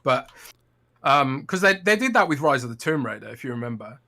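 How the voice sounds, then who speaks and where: A man's voice: medium pitch, very animated, brisk, bright, forceful tone. Hedging man co-hosting a podcast. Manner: thoughtful, hedging, trails off with "blah, blah". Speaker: podcast co-host. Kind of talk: casual podcast chat.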